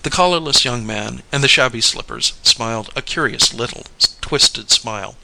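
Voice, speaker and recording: A man narrating a story with a very bright, gravelly voice. He reads in a measured way. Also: mid-range voice, poor audio. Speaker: audiobook reader. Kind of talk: scripted narration.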